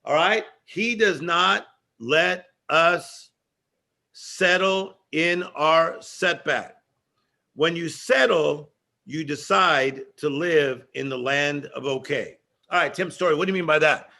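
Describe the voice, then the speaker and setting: A man's voice: a little high, slow, gravelly, bright, forceful tone. A man giving a motivational stage speech, emphatic and rhythmic, repeating phrases for effect. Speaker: motivational speaker.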